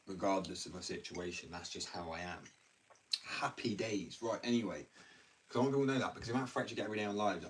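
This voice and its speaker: A young man from England ranting bluntly and ramblingly in a casual livestream, full of slang. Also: sits low. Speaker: live streamer. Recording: distant mic with faint background noise.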